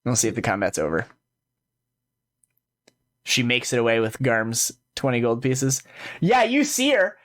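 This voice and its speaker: A man's voice: mid-range voice, very animated, a little slow, pauses often, a bit bright. A man narrating as game master of a tabletop game, casual and full of fillers.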